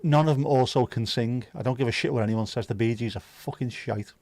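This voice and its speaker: Talking fairly quickly in a medium-pitched, slightly mellow voice, a man hosts a loose, casual livestream captured in a dry recording. He reads comments from viewers, rambles, jokes, and swears liberally.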